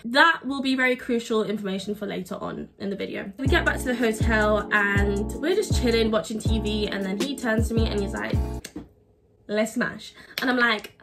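Frank, bubbly young woman. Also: on the high side. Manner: candid, crude and self-mocking, bursts of laughter. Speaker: vlogger. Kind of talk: storytime vlog. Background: background music.

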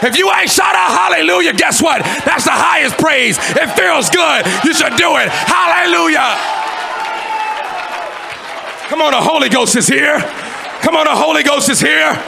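A man preaching a sermon in a church, shouting and exhorting with fiery, rhythmic delivery. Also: very high-pitched, animated, normal speed, creaky, over music, crowd noise. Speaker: pastor. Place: church sanctuary. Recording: live church service with congregation noise.

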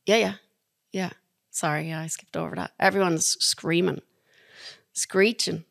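An Irish woman, a podcast guest, telling stories in a chatty, animated way, laughing now and then. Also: lowish voice, a little slow, gravelly, no room sound, clean studio sound. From Ireland. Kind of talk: casual storytelling.

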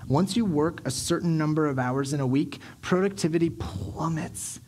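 A man's voice: fairly high pitch, normal speed, darkish tone. A man in his thirties preaching a sermon, telling stories animatedly and acting out his children and himself. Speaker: pastor. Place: church sanctuary.

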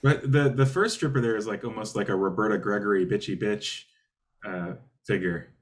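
Male podcast co-host, lowish voice, laughs easily, halting casual delivery. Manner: laughs often, halting with restarts. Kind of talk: casual chat.

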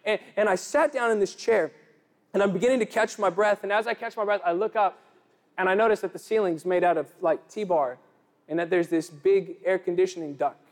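A young man preaching a sermon, telling a lively story and building to emphatic declarations. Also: high voice, fairly quick. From United States.

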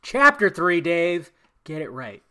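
A man hosting his own podcast, talking casually in a rambling, profane way with big swings in loudness. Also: fairly high pitch, sing-song, takes it slowly. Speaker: podcast host. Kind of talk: casual solo podcast chat.

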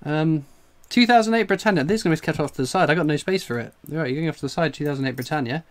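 A man's voice: on the high side, rapid-fire. A man hosting a live stream, exclaiming and laughing as he goes. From England. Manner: exclaiming, laughing, breathless with excitement. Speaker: coin collecting streamer. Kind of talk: excited live stream commentary.

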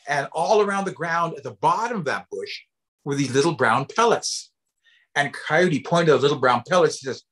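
A man from the US Pacific Northwest, a storyteller and educator, giving a playful storytelling lecture with pauses and fillers. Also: mid-range voice, expressive, a bit bright.

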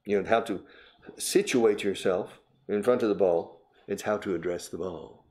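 A man's voice: on the low side, normal speed, a little mellow. An older man, hosting a chatty English lesson and explaining words in Spanish. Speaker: English teacher and host. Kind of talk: casual spoken English lesson.

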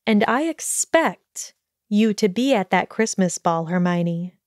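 A stern witch professor who gives brisk, firm instructions, as voiced by a woman. The recording is close and dry, with no room sound. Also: mid-range voice, lively intonation, dry recording.

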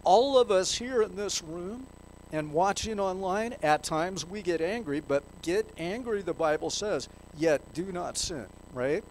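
Man, pastor, sermon, high voice, unhurried delivery, faint hum behind. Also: expressive, poor audio. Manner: rhetorical questions to the congregation, reads scripture aloud. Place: church.

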